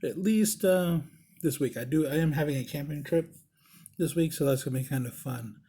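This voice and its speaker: A man telling a casual, profane story as a podcast host, laughing as he goes and shouting the lines of the people in it. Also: fairly high pitch, moderate pace, a little hiss or hum. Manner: heavy swearing, laughs while telling; shouts in mock-angry voices for quoted people.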